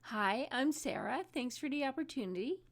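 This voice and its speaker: Bad amateur auditioners: shrill falsetto, over-the-top fake British accent. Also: male voice, expressive, moderate pace, fairly bright tone, full character voice. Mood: hammy. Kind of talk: comedy sketch.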